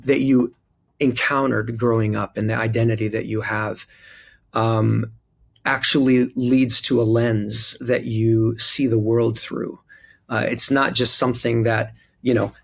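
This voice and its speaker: A man from Jerusalem, a pastor and guest, telling stories from his life earnestly, with wry asides and many pauses. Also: medium pitch, creaky. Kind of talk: reflective conversational storytelling.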